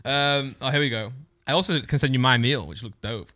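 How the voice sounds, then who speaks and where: A man's voice: medium pitch, brisk, bright, forceful tone, no room sound, studio quality. A man telling a long story in casual chat on a podcast. He rambles, corrects himself and laughs as he goes. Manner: rambling, self-correcting, laughs through his own story.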